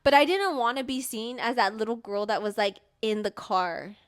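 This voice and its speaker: Young woman, higher voice, fast animated storytelling, casual vlog chat. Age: young adult. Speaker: vlogger telling a story.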